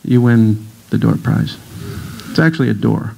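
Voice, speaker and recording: A man's voice: on the low side, normal speed, gravelly, mellow, poor audio. A middle-aged man giving a casual, jokey talk to a church audience as a breathwork teacher, telling stories and acting out voices. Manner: playful, jokey storyteller who acts out voices. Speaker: guest speaker, breathwork teacher. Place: congregation hall.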